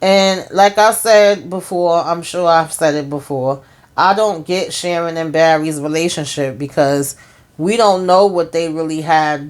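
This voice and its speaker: A woman casually recapping a TV episode, retelling scenes as quoted back-and-forth dialogue with lots of fillers. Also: fairly low pitch. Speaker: TV recap host.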